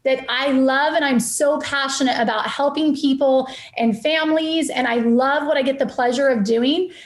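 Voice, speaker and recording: A woman's voice: high voice, steady tone, normal speed, echoey room. A woman, a real estate investor guest on a podcast, talking in a passionate, motivational and emphatic way. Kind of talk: enthusiastic podcast interview talk.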